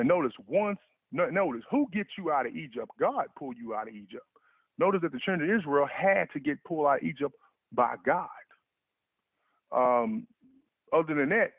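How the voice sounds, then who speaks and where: A man's voice: medium pitch, vocal fry, no room sound. A male preacher delivering an emphatic, repetitive sermon on internet radio, often saying "notice". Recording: tinny phone line.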